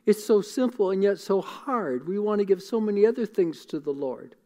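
A middle-aged man preaching a sermon, earnest and emotional, repeating phrases and dropping to a hush. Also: sits high, animated, moderate pace. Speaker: pastor.

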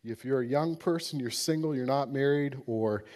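A man preaching a sermon as pastor, speaking plainly and relaxed, halting with many fillers. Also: medium pitch.

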